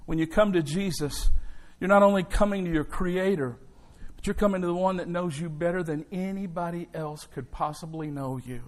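A man's voice: high-pitched, normal speed. A male pastor delivering an emphatic sermon in a church, with call and response to the congregation.

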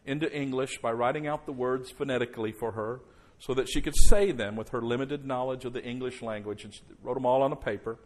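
A man preaching a sermon as pastor before a congregation, slowing right down and dropping to a near hush for emphasis, then rising loud. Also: medium pitch, fairly even intonation, a little hiss or hum. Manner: slows down and drops soft for emphasis, then rises loud. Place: church service before a congregation.

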